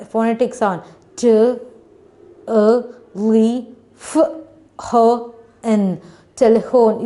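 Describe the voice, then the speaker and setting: A woman's voice: fairly high pitch, a little mellow. A woman teacher giving a phonics lesson to children, patiently sounding out words syllable by syllable in non-native English phrasing.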